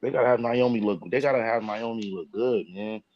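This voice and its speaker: A man's voice: mid-range voice, brisk. A man co-hosting a casual wrestling chat with blunt, slangy banter. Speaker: podcast co-host. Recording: slightly dull sound.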